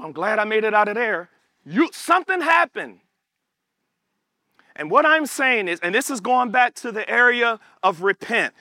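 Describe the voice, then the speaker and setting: A man preaching a sermon with an animated, call-and-response delivery, acting out prayers in quoted voices as he goes. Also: extremely high pitch, no room sound, clean studio sound.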